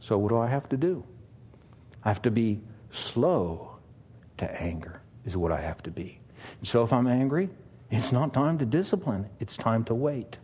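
An older man, a pastor, preaching an earnest sermon with long pauses and a pleading tone. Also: medium pitch, animated, darkish tone, breathy edge.

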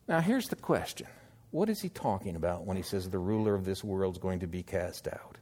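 A man preaching an expository sermon, teaching slowly through scripture and asking the listeners questions. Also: deep voice, animated, a little mellow, slightly rough. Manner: slow, measured teaching with scripture quotes; emphatic, questioning delivery.

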